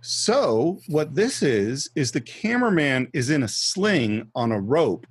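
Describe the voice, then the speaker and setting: A man's voice: mid-range voice, big pitch swings, slow pace, slightly rough, no room sound. A man co-hosting a film podcast, casually retelling scenes step by step and acting out quotes. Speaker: podcast co-host. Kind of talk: casual film-discussion chat.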